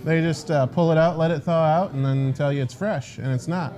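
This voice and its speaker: A man's voice: on the high side, fairly even intonation, brisk, a little mellow. A man working at a grocery store who chats with the host and talks up the store's bakery. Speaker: store employee. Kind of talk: casual chat.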